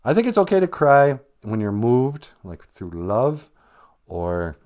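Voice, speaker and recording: A man's voice: medium pitch, big pitch swings, slow pace, darkish tone. A man hosting a livestream, giving humorous casual advice and laughing between lines. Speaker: livestream host and language teacher.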